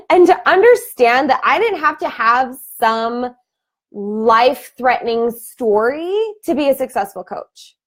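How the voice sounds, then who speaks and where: Thirties woman coach, casual chatty delivery, frequent laughs, higher voice, webcam sound. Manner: chatty, laughs often, animated bursts. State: emotional. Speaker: fitness team coach. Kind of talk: live video team call.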